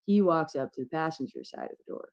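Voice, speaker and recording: Low-voiced woman telling a candid story. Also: fast, rough recording. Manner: candid, swearing, animated storytelling. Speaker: podcast guest. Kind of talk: casual storytelling chat.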